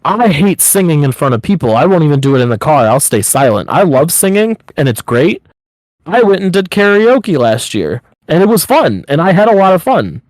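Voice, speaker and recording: A man's voice: on the high side, very animated, normal speed, darkish tone, no echo. Rambling upbeat man on a podcast. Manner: rambling, upbeat, heavy use of 'like'. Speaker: podcast co-host. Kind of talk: casual chat.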